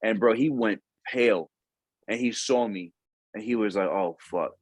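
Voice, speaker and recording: A man's voice: fairly low pitch, normal speed, no room sound. A young adult man, a Marine recruiter, telling a story in a casual podcast chat, slangy and profane, and acting out the voices of the people he quotes.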